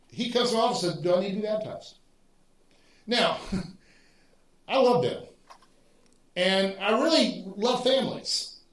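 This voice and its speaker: A man, a pastor, giving a teaching sermon and thinking aloud with restarts and animated emphasis. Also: on the high side. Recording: roomy echo.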